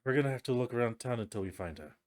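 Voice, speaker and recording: A man's voice: medium pitch, expressive, racing, a little mellow. A man playing in a tabletop game, chatting casually and playfully as a player. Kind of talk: tabletop role-play chat.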